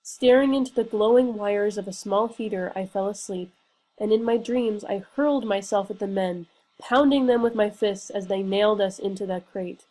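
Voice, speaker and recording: A woman reading a novel aloud in a steady, earnest storytelling manner. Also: mid-range voice, normal speed, low-quality recording. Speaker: reader. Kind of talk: audiobook narration.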